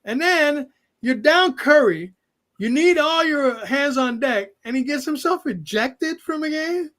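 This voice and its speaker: High-voiced laughing man, blunt sports talk. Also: lively intonation, a little slow, a bit bright. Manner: blunt, laughs often, slangy. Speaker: podcast co-host. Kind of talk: casual sports banter.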